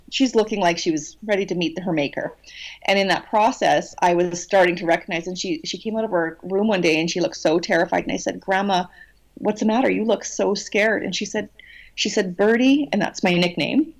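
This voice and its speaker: A woman telling a personal story in a podcast interview, cheeky and animated, with many restarts. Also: lowish voice. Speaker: guest channeler.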